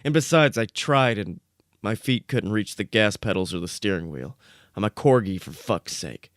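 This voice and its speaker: A man's voice: on the low side, expressive, moderate pace, no room sound, studio quality. A man voicing a small, hotheaded, foul-mouthed male corgi who barks between words. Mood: shaky.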